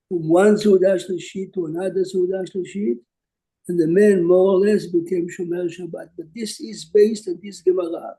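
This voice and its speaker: A man's voice: high-pitched, fairly even intonation, normal speed, mellow, low-quality recording. An older man from Jerusalem, a rabbi teaching an online class and telling stories in English sprinkled with Hebrew terms.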